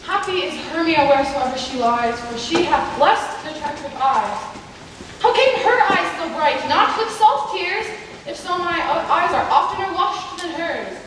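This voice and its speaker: A lovelorn, self-pitying young noblewoman, played by a teenage girl in a school play, pleading in a wounded voice. The voice is very high. It rings with long hall reverb and is heard from far away, with a little noise. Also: animated, moderate pace, a bit bright. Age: teens. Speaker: student actor.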